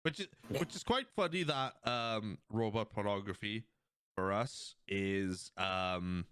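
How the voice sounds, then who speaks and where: A man's voice: fairly low pitch, slow, fairly bright tone, smooth, no room sound, clean studio sound. Rambling man hosting a podcast. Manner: rambling, recounts scenes with quoted lines, swears; many fillers and restarts, laughs along. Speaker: podcast host. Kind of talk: casual chat.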